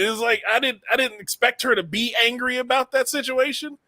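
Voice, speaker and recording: A man hosting a comedy podcast, telling stories with animated laughter. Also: extremely high pitch, a little fast, dry recording, studio quality. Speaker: podcast host. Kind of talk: casual comedy podcast chat.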